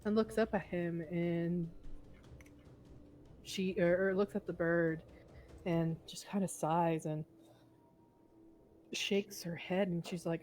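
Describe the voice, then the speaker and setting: A woman's voice: lowish voice, fairly even intonation, takes it slowly, long pauses, a little mellow, slight background noise, rough recording. A woman playing in a tabletop game, describing her character's actions casually and a little hesitantly. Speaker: player.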